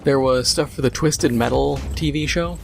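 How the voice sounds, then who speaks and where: A man's voice: mid-range voice, moderate pace, gravelly, slight background noise. A man hosting a gaming video, chatting casually and sarcastically ranting while he plays.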